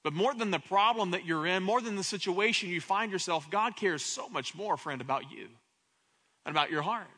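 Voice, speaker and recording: A man preaching a sermon in a high, bright voice. His delivery is impassioned, dropping to a hush and then climbing loud, and he often stumbles over repeated words as he starts a thought. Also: normal speed. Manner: impassioned preaching, swings between hushed and loud. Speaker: pastor.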